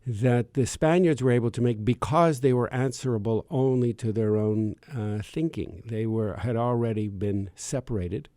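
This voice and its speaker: A man's voice: mid-range voice, moderate pace, hardly any pauses, dark tone, no echo. A man hosting a radio talk show from the studio, enthusiastic and meandering as he searches for words. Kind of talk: casual talk show chat.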